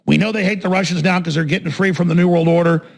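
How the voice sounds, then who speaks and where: A man with a high, gravelly voice rants as a talk radio host. He is combative and emphatic, hammering points with repeated phrases. His delivery often climbs toward a shout. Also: steady tone, fast talker. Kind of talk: ranting political monologue.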